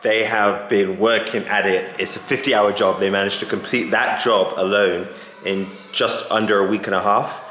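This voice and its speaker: A man talking casually to camera in a vlog, gushing and excitable with quick laughs. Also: lowish voice, roomy sound, a little hiss or hum. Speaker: car vlogger.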